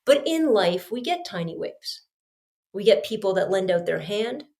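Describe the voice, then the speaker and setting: Woman podcaster telling a story, chatty and animated, keeps talking right to the listeners. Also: mid-range voice, normal speed. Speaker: podcast host. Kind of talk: storytelling monologue.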